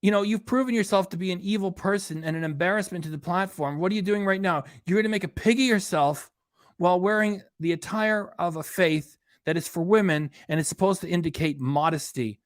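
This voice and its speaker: A man's voice: high voice, a little fast, no room sound, clean studio sound. Ranting, profane male commentator. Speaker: reaction channel host. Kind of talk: angry commentary on a livestream.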